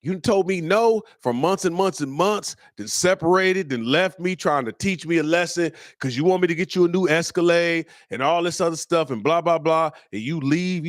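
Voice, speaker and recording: A man hosts his own comedy show and roasts his viewers' comments in loose slang. His pitch swings widely, and he cracks himself up. The sound is close and dry, with no room echo. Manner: loose, slangy, breaks into laughter. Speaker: comedian host.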